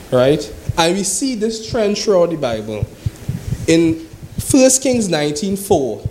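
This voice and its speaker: Man, sermon, slightly high voice, scripture reading, conversational asides. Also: darkish tone, a little hiss or hum, rough recording. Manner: reads scripture slowly, then talks conversationally with repeated "right?". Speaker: preacher.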